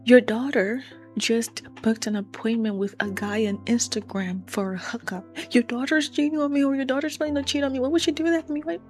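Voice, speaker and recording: A woman's voice: medium pitch, fairly even intonation, unhurried, darkish tone, soft background music, close to an everyday voice. A woman voicing a jealous, controlling young man who speaks in an accusing, insistent way.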